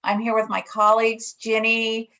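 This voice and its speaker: A woman hosting a virtual book event over a video call, speaking haltingly with many fillers. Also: on the high side, completely flat delivery, bright, forceful tone. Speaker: host. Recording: dull lo-fi video-call audio.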